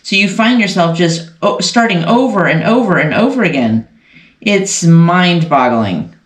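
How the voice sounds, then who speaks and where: A woman's voice: on the low side, lively intonation, a little slow. A woman hosting a casual sew-along, chatting and thinking aloud as she works at her sewing machine. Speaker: sewing channel host. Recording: roomy echo, faint noise.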